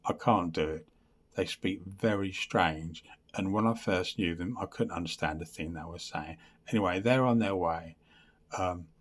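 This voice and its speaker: English man, deep husky voice, rambling vlog update, dry blunt humour, keeps losing his notes. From England. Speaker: vlogger.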